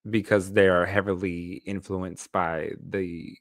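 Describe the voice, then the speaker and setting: A man with a fairly low voice tells a personal story on a podcast, talking in a candid, loose way full of "like" and "um". The sound is close and dry. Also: little pitch movement, slow pace, no echo. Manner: personal, candid, heavy use of "like" and "um". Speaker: podcast co-host. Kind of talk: casual storytelling chat.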